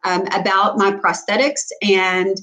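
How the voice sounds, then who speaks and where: A woman chatting casually as a co-host. Her voice sits at an ordinary middle pitch, and she tells her stories at an easy pace, full of ums, restarts and asides. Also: fairly even intonation, a little slow, pushed and bright, low-quality recording. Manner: storytelling with many fillers and restarts. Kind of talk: casual chat.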